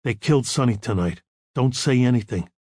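A man voicing a calm, controlled counselor who gives quiet, measured instructions. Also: medium pitch, husky, no room sound, studio quality. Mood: firm.

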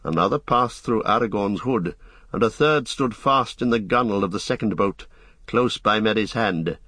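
A man reading a fantasy story aloud as an audiobook narrator, in a steady storytelling manner. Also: lowish voice, normal speed, slightly rough, dry recording. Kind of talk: scripted narration.

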